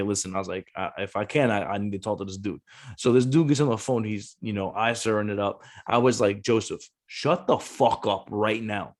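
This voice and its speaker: On a podcast, a man with a low-leaning, darkish voice tells stories in a casual, blunt way, cursing freely and imitating the voices involved. He's a Marine gunnery sergeant who previously served as a recruiter.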